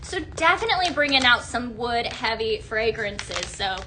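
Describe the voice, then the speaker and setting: A woman hosting a live shopping stream, gushing in an upbeat sales pitch to viewers she calls her friends. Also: sing-song, moderate pace, sharp tone.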